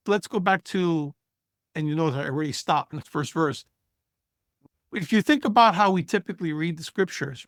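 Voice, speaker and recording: Dry, slightly high male Bible teacher. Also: no echo. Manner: explanatory, checks in with frequent "right?" and "okay?". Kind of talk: screen-shared Bible study lecture.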